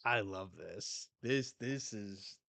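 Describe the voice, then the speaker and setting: A man hosting a live manga reading reaction, reading panels aloud with excited outbursts. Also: lowish voice, slow pace, creaky, no room sound.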